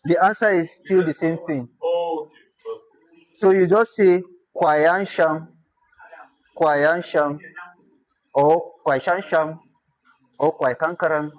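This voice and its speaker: Nigerian-accented language instructor, informal lesson, drills pronunciation by repeating words slowly. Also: medium pitch, steady tone, poor audio. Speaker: language teacher.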